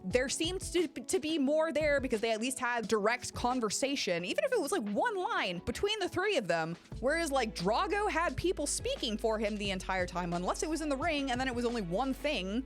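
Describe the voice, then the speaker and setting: A woman's voice: high-pitched, very animated, brisk, hardly any pauses, soft background music. A woman hosting a casual film review, ranting sarcastically and swearing often.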